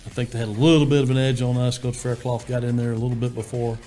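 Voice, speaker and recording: A man, a head football coach answering interview questions in a steady, plainspoken way, full of fillers and restarts. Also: medium pitch, fast.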